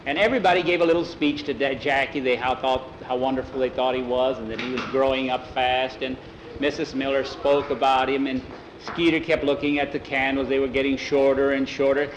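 A man telling a homespun family story aloud in an easygoing, unhurried way, voicing the characters as he goes. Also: medium pitch, fairly even intonation, reverberant, background noise. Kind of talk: oral storytelling.

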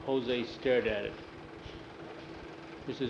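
A man's voice: medium pitch, fairly even intonation, unhurried, reverberant, dull audio, background noise. A man telling a story aloud in a casual, conversational way, with many "he says" tags. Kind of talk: oral storytelling.

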